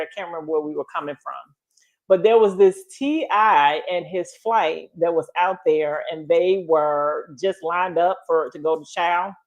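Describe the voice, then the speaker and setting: A middle-aged woman telling stories in a casual chat, animated, often laughing and acting out quotes. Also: low-pitched. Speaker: guest storyteller.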